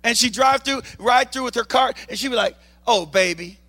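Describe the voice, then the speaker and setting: A man with a high, bright voice preaches to a morning congregation. He reads scripture aloud, then breaks into playful, animated asides. His delivery is loud and full of energy. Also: a little fast. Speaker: guest preacher. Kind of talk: sermon.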